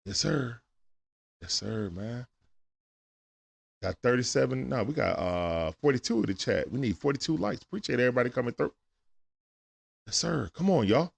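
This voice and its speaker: A man hosting a live stream from home, calling a game play-by-play in a casual, excitable way that swings from hushed asides to sudden shouts. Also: mid-range voice, normal speed, vocal fry, long pauses, husky. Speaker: stream host. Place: at home at night.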